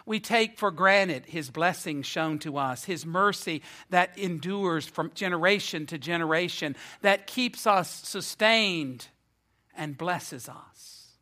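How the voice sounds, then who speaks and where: High, bright-voiced male preacher. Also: slow pace. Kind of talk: sermon.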